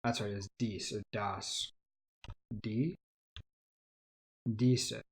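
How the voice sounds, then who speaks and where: A man's voice: fairly low pitch, fairly even intonation, very slow, slight background noise. A man on a casual livestream, teaching himself a language, sounding out words hesitantly and thinking aloud. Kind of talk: casual self-study livestream.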